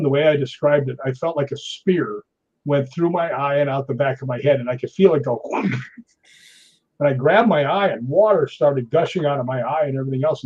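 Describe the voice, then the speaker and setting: A man in his sixties, a stunt performer, telling anecdotes in a lively way, laughing often and acting out other people's lines. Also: fairly high pitch, slightly rough. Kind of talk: anecdotal storytelling. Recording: dull lo-fi recording.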